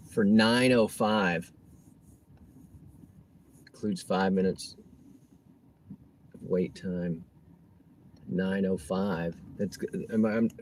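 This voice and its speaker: A man with a lowish voice chats casually on a livestream from behind the wheel, reading out comments and muttering to himself between pickups. Road and engine noise hum clearly under his voice inside the car. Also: darkish tone. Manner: chatty, reads chat aloud, talks to himself. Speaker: rideshare driver livestreaming. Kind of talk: casual livestream chat while driving.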